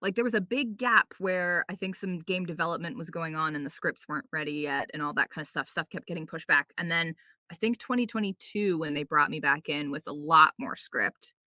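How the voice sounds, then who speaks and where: Woman voice actor, podcast guest, slightly low, bright, dry close sound, chatty. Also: dry recording. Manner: chatty, quick anecdotes with playful quoted asides; frequent fillers like "like" and "um". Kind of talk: casual podcast interview.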